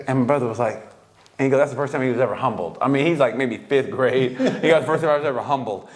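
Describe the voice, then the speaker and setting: A man's voice: mid-range voice, quick pace. Man, casual podcast storyteller, profane and loose, laughs often. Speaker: podcast co-host. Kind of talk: casual chat.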